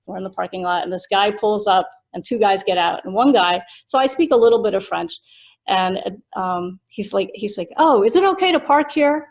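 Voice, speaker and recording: Gravelly-voiced woman Buddhist teacher. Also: medium pitch, normal speed, low-quality recording. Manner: chatty, laughs often while telling a story. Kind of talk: casual teaching with a personal story.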